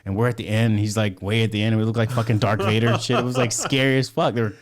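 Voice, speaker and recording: Crowd noise sits behind this man's fairly low, steady voice as he talks very fast. He's a podcast guest from the United States, telling rambling, casual stories laced with constant swearing.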